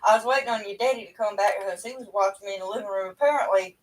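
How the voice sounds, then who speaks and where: A woman's voice: medium pitch, rapid-fire. A middle-aged woman, chatting in a rambling, folksy way to her livestream viewers from home over a webcam. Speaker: livestream host. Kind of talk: casual chat to viewers. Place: at home indoors. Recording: voice a bit far from the mic.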